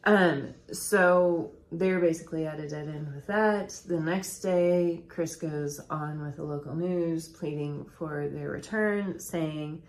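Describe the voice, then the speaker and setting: A woman with a slightly low voice tells a true-crime story to her podcast co-hosts. She talks casually and chattily, slipping into quoted lines from the people in the case. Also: takes it slowly, few pauses.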